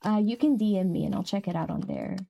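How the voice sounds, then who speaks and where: A young woman streaming a game, chatting casually with viewers, laughing easily and jumping up high when something amuses her. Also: huge pitch swings, quick pace, vocal fry, warm tone. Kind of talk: casual live-stream chat.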